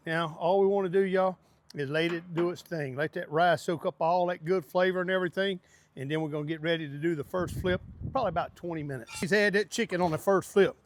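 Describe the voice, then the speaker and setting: Excitable high-voiced man cooking. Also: a little hiss or hum. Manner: hearty, excitable, drawn-out exclamations. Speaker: cooking show host. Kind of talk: casual cooking demonstration. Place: outdoor cooking setup.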